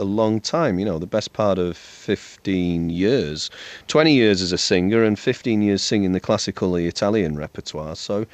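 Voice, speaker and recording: A man's voice: lowish voice, no echo. A male singer, a guest in an interview, talking casually with a self-deprecating manner and frequent restarts.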